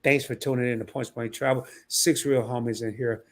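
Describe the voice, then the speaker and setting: A man's voice: medium pitch, fairly even intonation, a little fast. A man hosting a casual live stream, talking loosely, repeating himself and breaking into laughter.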